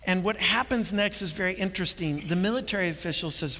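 A pastor preaching a sermon, earnest and full of rhetorical questions. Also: male voice, sits high, fast, few pauses, sharp tone, slight background noise. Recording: long hall reverb.

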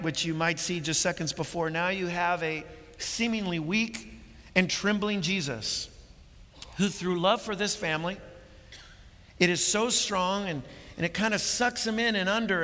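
A man's voice: high voice, pushed and bright, in a large hall. A man preaching a sermon, earnest and building to emphatic points, often repeating words as he goes.

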